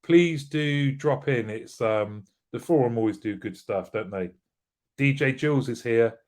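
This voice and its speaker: A British man hosts a live show from a small room, chatting in a relaxed, unhurried way. He greets viewers by name, jokes about their comments and keeps the talk friendly. His voice sits at an ordinary middle pitch. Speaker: livestream host.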